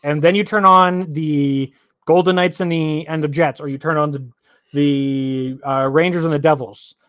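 A man's voice: fairly high pitch, fairly even intonation, normal speed, a bit bright, clear, resonant tone, dry recording, clean studio sound. A man co-hosting a sports podcast, talking casually and ranting with lots of repeated words. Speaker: podcast co-host.

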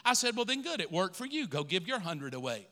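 A male pastor preaching a sermon full of stories, his telling animated and rising to excited emphasis. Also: high voice, fairly quick, in a large hall. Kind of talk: storytelling sermon.

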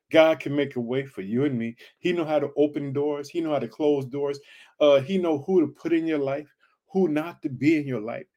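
A man with a medium-pitched, slightly mellow voice hosts a faith podcast from Illinois, United States. He preaches an encouraging sermon in a fervent, repetitive style and addresses his listeners as family.

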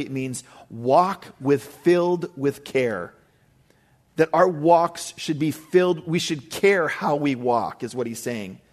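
A male pastor giving a conversational sermon, emphatic with frequent asides to the congregation. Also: medium pitch.

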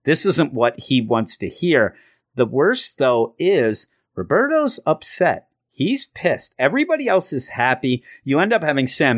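A man's voice: medium pitch, very animated, unhurried. A man casually recapping a comic story with a conversational, rambling, amused delivery. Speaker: comic book reviewer.

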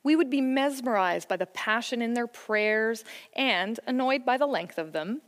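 With an animated, fairly high voice at a moderate pace, a woman preaches about faith and parenting. Her sermon is earnest and encouraging, built on storytelling that mixes personal accounts with scripture; she speaks on family faith at church, and the sound carries long hall reverb.

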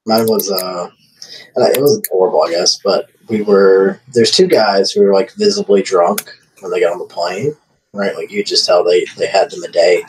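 A man in casual chat telling a story animatedly, acting out people shouting. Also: sits low, lively intonation, moderate pace, slight background noise, poor audio.

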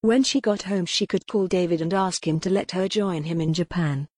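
This scripted audiobook narration comes from a woman with a low-leaning voice, read in a calm, measured way. The recording is dry.

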